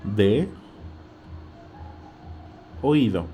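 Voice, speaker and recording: A man's voice: lowish voice, expressive, very slow, dark tone, soft background music. A man with a Mexican accent teaching vocabulary, patiently repeating each word and often checking in with "okay?". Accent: Mexican Spanish. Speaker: Spanish teacher. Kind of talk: slow vocabulary lesson.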